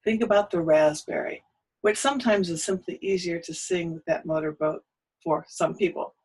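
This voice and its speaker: A woman leads a voice lesson, explaining each warm-up exercise and then cueing students with quick prompts. She keeps a friendly teaching tone. Between rounds she sounds short of breath. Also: fairly low pitch, slightly rough, rough recording. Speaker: singing teacher.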